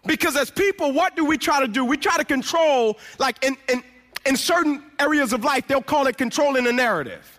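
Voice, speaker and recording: A man's voice: very high-pitched, a little fast, fairly bright tone. A young man giving an inspirational testimony speech, telling his story with repeated refrains. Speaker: motivational speaker.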